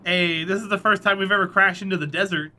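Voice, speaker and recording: A man's voice: high-pitched, steady tone, fast, sharp tone. A man streaming a space game live, chatting casually and encouraging his viewers as he plays.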